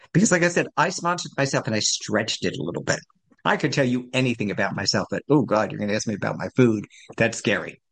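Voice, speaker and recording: At a support meeting, a man in his sixties with a lowish, husky voice shares his personal recovery story. He rambles and is self-deprecating.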